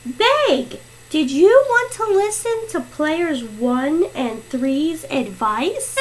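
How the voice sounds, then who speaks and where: Slow, instructive woman teacher. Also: high-pitched, animated, noisy background. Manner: instructive, explaining reading tips. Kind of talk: reading fluency lesson.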